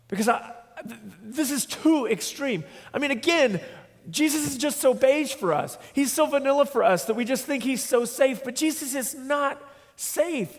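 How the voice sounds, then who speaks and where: A middle-aged man preaching a sermon, earnest and emphatic, slowing down to stress key words. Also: very high-pitched, expressive. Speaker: pastor. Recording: long hall reverb.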